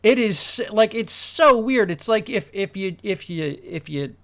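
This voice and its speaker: A man's voice: high voice, expressive, measured pace, a bit bright. A man hosts a loose, casual chat on a video call. He talks in fits and starts, repeating words and restarting sentences as he searches for what he means. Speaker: podcast host.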